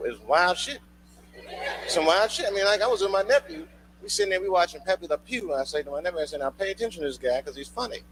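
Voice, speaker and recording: High, lively man doing stand-up. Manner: loose, profane storytelling with shouted punchlines. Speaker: stand-up comedian. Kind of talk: stand-up comedy routine. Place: comedy club stage before a live audience. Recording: noisy live club recording.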